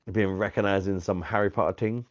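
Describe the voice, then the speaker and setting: A man's voice: on the low side, fairly even intonation, fast. A man hosting a live stream, chatting casually with viewers by name, laughing often and swearing freely. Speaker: live-stream host reviewing beer. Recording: dull lo-fi stream audio.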